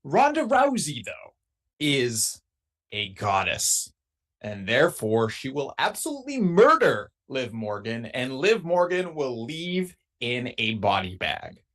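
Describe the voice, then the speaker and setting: Lively, blunt podcast co-host. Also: male voice, mid-range voice, slow. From Boston. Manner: blunt, playfully over-the-top. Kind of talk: casual podcast chat.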